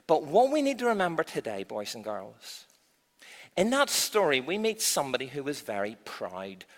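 Animated man telling Bible stories. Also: medium pitch. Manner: animated, expressive storytelling. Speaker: children's talk leader. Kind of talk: Bible storytelling for children. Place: church hall. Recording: echoey church hall.

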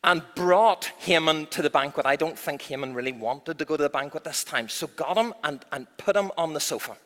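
A man leading a children's talk in church, telling a Bible story in an expressive, storytelling way. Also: on the high side, brisk. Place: church hall. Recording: echoey church hall.

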